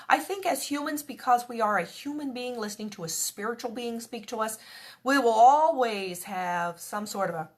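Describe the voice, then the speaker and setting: A woman's voice: fairly high pitch, moderate pace. A woman giving a conversational devotional talk, chatty and earnest, slipping into little quoted prayers as she teaches. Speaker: devotional speaker.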